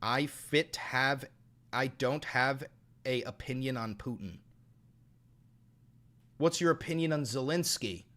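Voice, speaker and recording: A man giving casual, profane reaction commentary on clips and viewer chat, incredulous and swinging from muttering to shouting. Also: medium pitch, takes it slowly, pauses often.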